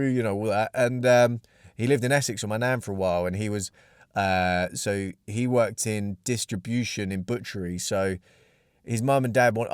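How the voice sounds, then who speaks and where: A man's voice: mid-range voice, no echo, clean studio sound. A young man hosting a podcast, telling a rambling, sweary story in casual chat. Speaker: podcast host.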